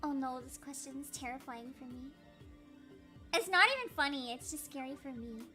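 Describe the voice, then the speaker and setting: A young woman vtuber streamer with a high voice chats casually at normal speed over music during a Q&A. She's giggly and self-deprecating, filling her speech with lots of fillers.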